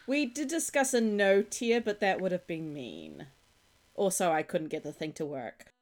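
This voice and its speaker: A woman's voice: on the low side, big pitch swings, normal speed. A woman co-hosting a film podcast who chats casually and drops dry, wry asides. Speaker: podcast co-host.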